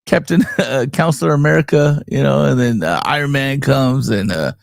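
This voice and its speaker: A man's voice: mid-range voice, normal speed, creaky, dry recording, clean studio sound. A man co-hosting a casual comics chat, rambling with lots of fillers and frequent laughs. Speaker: podcast co-host.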